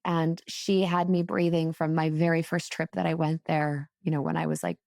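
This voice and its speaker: A woman guest telling a personal story in a casual podcast chat, animated and chatty, with plenty of "like" fillers. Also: sits low, normal speed, creaky, no echo, studio quality. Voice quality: emotional, tearful at moments. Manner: animated, chatty, lots of "like" fillers, laughs and swears while telling.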